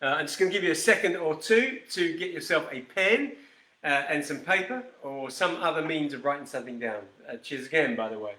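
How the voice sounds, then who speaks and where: A man's voice: fairly high pitch, expressive, fairly quick, bright, forceful tone, roomy sound, slight background noise. A man hosting a live whisky show, chatting casually with viewers by name and rambling as he demonstrates a cocktail. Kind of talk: casual live-stream chat and cocktail demo.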